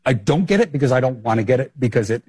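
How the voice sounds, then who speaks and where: Husky-voiced man giving an indignant speech. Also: medium pitch, expressive, rapid-fire, darkish tone.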